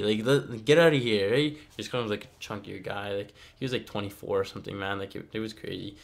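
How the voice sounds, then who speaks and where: A man's voice: lowish voice, brisk, hardly any pauses. A young man telling a story casually, rambling and filling his talk with "like" and "okay?".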